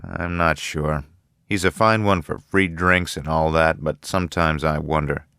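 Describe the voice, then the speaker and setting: A man's voice: very deep voice, steady tone, measured pace, gravelly, pushed and bright, clear, resonant tone, no room sound, clean studio sound, exaggerated voice. A man doing a bitter, weary young architect. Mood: uneasy.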